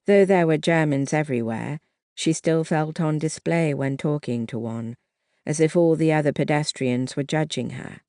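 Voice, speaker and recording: An audiobook narrator giving a measured, even reading of a historical novel. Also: mid-range voice, no room sound, clean studio sound.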